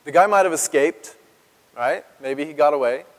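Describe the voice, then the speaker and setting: A man's voice: a little high, moderate pace, big-room sound. A man preaching a sermon as pastor, talking conversationally and asking his congregation questions. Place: church sanctuary.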